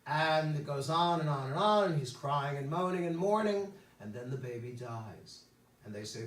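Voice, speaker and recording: Male rabbi teaching a Bible class, joking storyteller; slightly high voice, roomy and distant mic. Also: animated, normal speed. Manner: wisecracking storyteller, chatty asides. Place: temple room.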